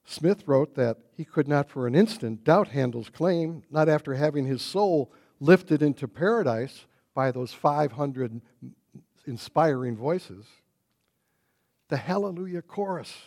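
Male preacher, slightly high voice, sermon, bursts of loud exclaiming. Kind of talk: Easter sermon.

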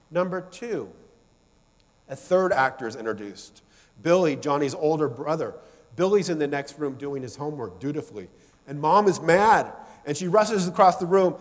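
A male preacher giving a sermon, telling a story with loud emphasis that drops to soft, low asides. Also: expressive, normal speed, long reverb tail.

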